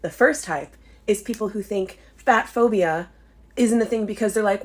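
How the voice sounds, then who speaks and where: A woman's voice: mid-range voice, normal speed. A woman giving sarcastic, mocking commentary to the camera, swearing as she goes.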